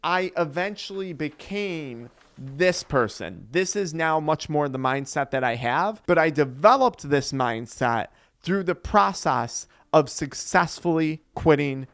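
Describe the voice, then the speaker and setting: A man's voice: on the high side, fairly bright tone. A young man, an addiction recovery coach, giving an earnest motivational talk that explains step by step. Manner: earnest, explanatory, acts out quoted voices.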